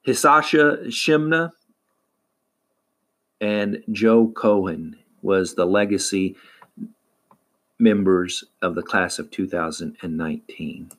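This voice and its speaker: Male recap host, casual and halting, unhurried delivery, plenty of filler words. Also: deep voice. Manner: halting, many fillers and restarts. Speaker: wrestling podcast host.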